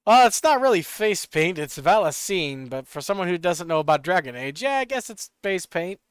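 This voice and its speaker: A man streaming a video game, chattering and joking excitably as he plays. His voice sits high and sounds smooth and clear. The sound is dry and close. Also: moderate pace, no echo. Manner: excitable, joking, laughs often. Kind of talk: casual gameplay commentary.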